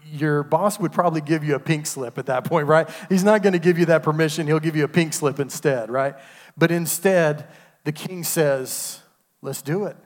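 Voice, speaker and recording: A man, preaching a sermon with call-and-response asides. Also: on the high side. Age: 50s. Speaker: pastor. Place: church sanctuary. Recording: long hall reverb.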